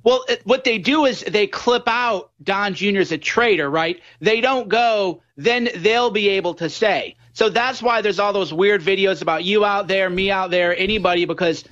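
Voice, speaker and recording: A man's voice: high-pitched, normal speed, few pauses, muffled recording. A man appearing as a guest commentator on a political talk show, telling stories and acting out what others say. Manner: animated storytelling, acts out quoted voices.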